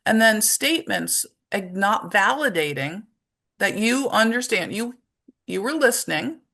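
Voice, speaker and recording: A woman's voice: medium pitch, expressive, a little slow, a bit bright. A woman presenting a webinar to parents and teachers, speaking conversationally and explaining her points through everyday examples.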